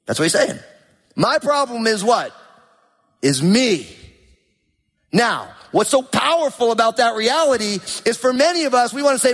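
A middle-aged man preaching a sermon with emphatic, animated delivery and rhetorical questions. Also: extremely high pitch, moderate pace. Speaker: pastor. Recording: long hall reverb.

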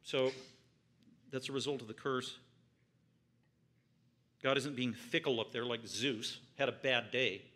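A male pastor delivers a sermon with emphasis, repeating phrases to drive points home and moving between loud peaks and quiet, low stretches. His intonation stays fairly even, his pace is measured, and he pauses often.

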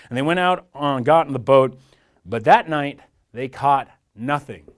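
A man's voice: mid-range voice, unhurried. A man preaching a sermon in a church in a conversational way, acting out the voices in the stories he tells. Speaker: pastor.

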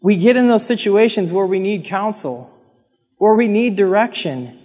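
Male preacher with a very high voice, earnest and chatty with the congregation, church hall reverb. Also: animated, moderate pace, darkish tone. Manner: earnest, conversational, acts out pleading prayers. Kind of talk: sermon.

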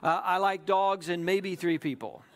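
A man's voice: sits high, measured pace, a bit bright. A man preaching a sermon in a conversational way, often checking in with the audience. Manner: conversational, repeats "right?" to the audience. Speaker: pastor.

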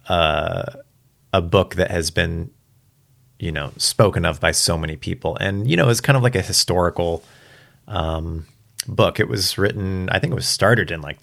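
A man's voice: sits low, creaky, a bit bright. A man casually talking about books to camera, rambling and chatty with amused asides. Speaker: book vlogger. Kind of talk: casual book talk.

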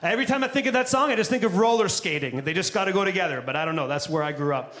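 A man's voice: high-pitched, animated, racing, a bit bright. A man preaching a sermon to a congregation in a conversational style with joking asides. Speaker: pastor. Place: church before a live congregation.

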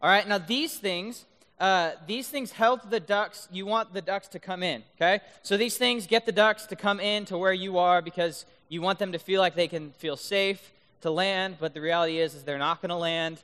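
Youth speaker, male, high and bright voice, playful, keeps asking "right?", long hall reverb. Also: moderate pace. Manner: playful, keeps checking in with the audience. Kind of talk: youth talk with duck call demos. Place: large room full of high schoolers.

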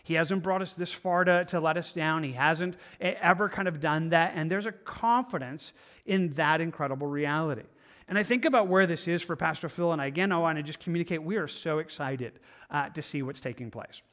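A pastor delivers a sermon in a fairly high male voice. He talks earnestly and conversationally, and now and then he slips into the voices of doubting listeners. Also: brisk, a bit bright. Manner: earnest, conversational preaching with acted-out inner voices.

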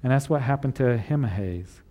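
A man preaching a sermon, reading scripture and retelling it in casual words, then gently encouraging his listeners. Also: medium pitch, lively intonation, moderate pace, long reverb tail. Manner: retells scripture in casual paraphrase with acted voices; earnest, encouraging. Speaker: pastor.

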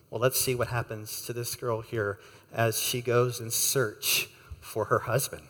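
A man preaching a sermon, telling a story with lively acted-out voices and asking the listeners questions. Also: mid-range voice, a little slow, big-room sound. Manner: animated storyteller, acts out voices. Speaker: pastor.

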